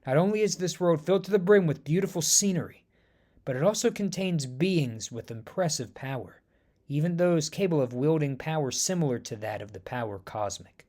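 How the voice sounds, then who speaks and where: A man's voice: fairly high pitch, lively intonation, brisk, a little mellow. A man voicing a cold, haughty silver alien herald who speaks in grave, formal lines.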